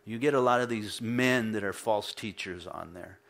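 A male pastor preaching a casual, storytelling sermon, mimicking the people he quotes with sudden loud bursts. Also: lowish voice, normal speed.

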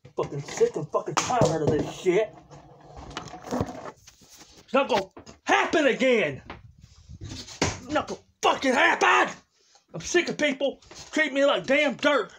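A man's voice: extremely high pitch, sing-song, measured pace, pauses often, background noise, pitched above the performer's own voice, full character voice. A man playing a cursing, enraged ranter. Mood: raging. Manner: yelling, cursing rant. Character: enraged young man ranting and shouting at everyone. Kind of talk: comedy skit acting.

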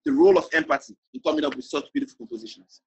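A man hosting an online book discussion, halting and repeating words as he reads out audience comments. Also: on the high side, steady tone, husky, poor audio. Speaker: host and moderator.

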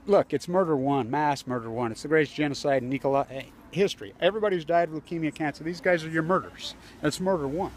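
A man's voice: on the high side, fairly quick. A man filming himself outdoors on a phone, angrily ranting with heavy profanity and a lot of repetition. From United States. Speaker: protester. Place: outdoors by a building entrance.

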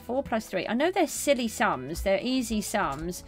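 A middle-aged woman streaming a game, chatting casually with viewers and answering them in a gentle, consoling way. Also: a little high, sing-song, measured pace, faint music behind. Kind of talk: casual live-stream chat.

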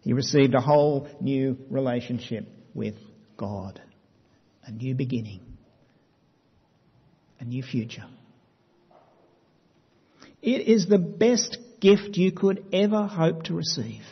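A man preaching a sermon, telling the story dramatically and dropping to quiet emphasis. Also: mid-range voice, lively intonation, slow, long pauses, husky. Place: church hall. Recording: dull sound with long hall reverb.

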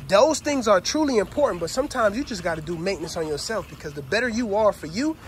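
Middle-aged man, high voice, slangy casual vlog, dog yard with barking around him. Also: expressive, fast talker. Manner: loose slangy talk, calls viewers fam, shouts at dogs. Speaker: dog kennel owner. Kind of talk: casual vlog while doing kennel chores. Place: outdoor dog yard with kennels. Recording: outdoor yard noise with dogs barking. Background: dogs barking.

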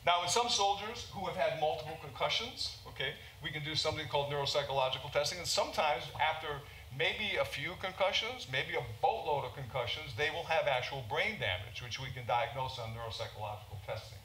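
In a roomy conference hall with faint ambience and slight background noise, an American physician lectures informally, frequently saying "okay?". His fairly high male voice is bright, forceful, and brisk, with hardly any pauses.

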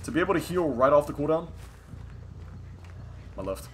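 A young man giving excited, profane live commentary while playing a video game and talking at his opponents. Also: on the high side, normal speed, a little hiss or hum. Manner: hyped, profane, talks to opponents on screen. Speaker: gaming streamer. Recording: game music behind the voice.

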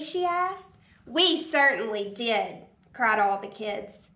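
Slow, high-voiced woman reading aloud. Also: lively intonation, sharp tone. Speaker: teacher. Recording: roomy echo.

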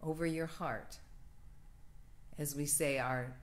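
A woman minister leading a church livestream offering and prayer in a slow, gentle, prayerful cadence. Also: low-pitched, fairly even intonation.

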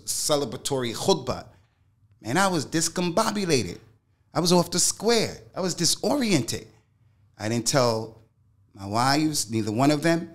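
A middle-aged man, an Islamic scholar, speaking as a guest in an interview. He talks emphatically in casual slang and repeats phrases to drive a point home. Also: medium pitch. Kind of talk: interview storytelling.

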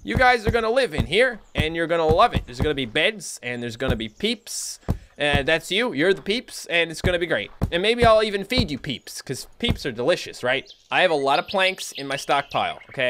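A young man commenting on his own gameplay for viewers, excitable and jokey, with sudden loud outbursts. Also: noisy background. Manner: excitable, jokey, talks to viewers, big pitch jumps. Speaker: gaming YouTuber. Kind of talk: let's play commentary.

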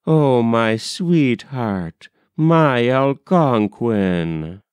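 A man's voice: medium pitch, lively intonation, very slow, darkish tone, clear, resonant tone, no room sound. A man reading a young woman's tender, sorrowful lament for her lost lover, in a poem with a repeating refrain.

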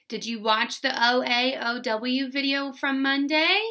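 A woman teaching a phonics lesson to first graders, sounding words out slowly. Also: high voice, flat delivery, bright, forceful tone. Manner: slow, exaggerated sounding-out of words. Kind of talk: phonics lesson for young children.

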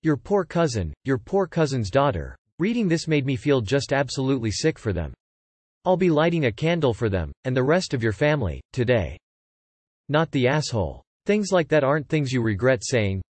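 A man narrating, reading online posts and comments aloud in a steady, matter-of-fact way. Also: medium pitch, dry recording.

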